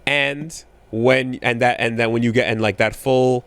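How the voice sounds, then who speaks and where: A man in his thirties co-hosting a podcast in casual chat, rambling with many fillers and restarts, getting animated when riled. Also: medium pitch, measured pace, vocal fry, dry recording. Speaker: podcast co-host.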